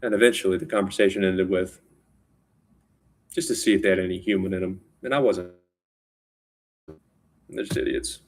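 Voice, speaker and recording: A man with a low, gravelly voice and a husky, rough edge tells a personal story casually. He rambles, restarts his sentences and repeats words as he goes. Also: normal speed, long pauses.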